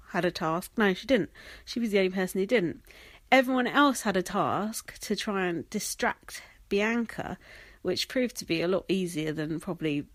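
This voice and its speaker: A young woman hosts a podcast recap in loose, chatty conversation, swearing, laughing often and filling her talk with ums and likes. Her medium-pitched voice is recorded without echo, and she sounds slightly wheezy, coughing now and then.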